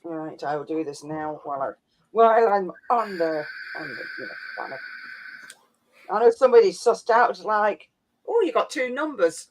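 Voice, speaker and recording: A woman's voice: on the low side, lively intonation, normal speed, a little hiss or hum. Woman on a livestream, rambly and chatty, teasing her mates. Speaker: livestream host. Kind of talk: casual chat.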